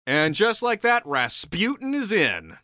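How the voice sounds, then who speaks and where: A man's voice: high-pitched, wildly swooping pitch, unhurried, sharp tone, no echo, studio quality. A man co-hosting a casual podcast, telling history with swearing, laughter and mocking put-on voices. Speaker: podcast co-host. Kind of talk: casual history chat while drinking.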